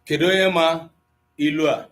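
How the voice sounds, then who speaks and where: A man with an Igbo accent runs a live online class, switching between English and Igbo as he reads out viewer comments. His manner is playful, with frequent chuckles and gentle teasing of his students. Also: a little high, steady tone, fairly quick. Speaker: Igbo language teacher.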